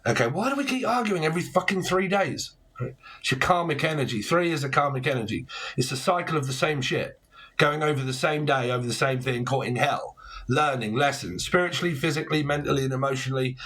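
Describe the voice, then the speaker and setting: A man's voice: mid-range voice, animated, normal speed, a bit bright. A man giving a casual tarot reading, talking bluntly and rambling, with plenty of swearing and slang. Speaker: tarot reader.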